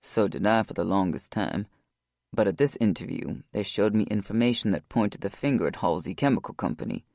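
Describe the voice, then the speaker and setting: A man voicing a grieving former Navy SEAL, deep and gravelly, telling his past in a low, weary way. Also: fairly quick, a little mellow, no echo, clean studio sound. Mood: guarded, weary.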